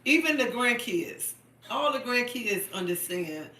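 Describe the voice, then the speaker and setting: Bright-voiced chatty woman livestreaming. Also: on the high side, lively intonation, a little slow, reverberant, recorded from a distance, a little hiss or hum. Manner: chatty and emphatic, repeats herself, keeps asking "okay?". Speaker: livestream host. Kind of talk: casual live-stream chat.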